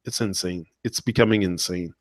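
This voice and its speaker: A man's voice: low-pitched, normal speed, no echo. Earnest man in a dry monologue. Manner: earnest, repetitive, emotional. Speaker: motivational speaker. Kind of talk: impassioned monologue.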